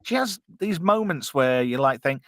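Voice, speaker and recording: Chatty male host, lively pitch. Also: moderate pace, dry recording, studio quality. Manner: chatty, jokey, filler-heavy, reads chat aloud. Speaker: podcast host watching a film with chat. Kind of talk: casual live watch-along chat.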